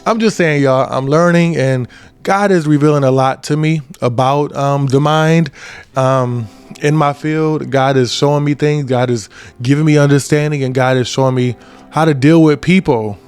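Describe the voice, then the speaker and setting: A man's voice: a little high, steady tone, moderate pace, a little mellow, clear, resonant tone, faint music behind. A man in his twenties giving a casual motivational talk as a podcast host, often checking in with "right?". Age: 20s. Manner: conversational, repeats "right?" often.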